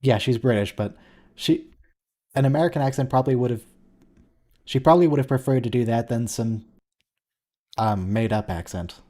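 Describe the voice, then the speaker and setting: Mellow man musing over an episode. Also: mid-range voice, normal speed, long pauses. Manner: musing, conversational, thinks aloud with restarts. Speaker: watch-along host. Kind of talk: casual live commentary.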